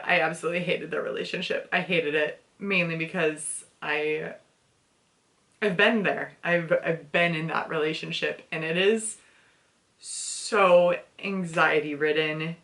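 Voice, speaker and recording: A young woman hosts a casual book club chat, speaking in an unhurried, lowish voice. She is candid and openly emotional, laughing often as she talks. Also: fairly even intonation, a bit bright.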